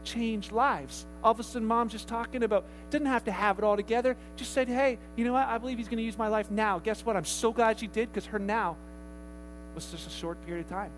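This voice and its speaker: A man preaching a sermon as pastor in a church, telling stories in a lively way with many restarts and quick asides. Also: sits high, background noise. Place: church sanctuary.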